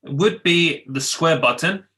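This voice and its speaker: Male co-host, bright tone, playful, trips over his words. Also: on the high side, lively intonation, a little slow. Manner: playful, stumbling and restarting mid-sentence. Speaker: podcast co-host. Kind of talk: casual chat.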